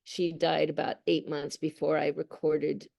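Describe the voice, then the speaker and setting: Gravelly-voiced actress, earnest and heartfelt. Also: female voice, low-pitched, flat delivery, unhurried, dark tone. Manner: earnest, emotional storyteller. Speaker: voice actress guest. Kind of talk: interview conversation.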